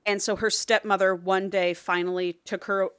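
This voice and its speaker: A woman's voice: medium pitch, flat delivery, normal speed, fairly bright tone, smooth. A woman co-hosting a podcast, casually retelling a novel's plot in a chatty, conversational way. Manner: retells the plot with lots of "she's like". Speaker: podcast co-host. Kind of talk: casual book recap chat.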